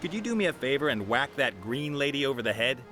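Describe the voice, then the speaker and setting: A man's voice: mid-range voice, very animated, fast talker, bright, forceful tone, soft background music. An actor playing a cocky male sky captain and treasure hunter in a video game, joking and laughing.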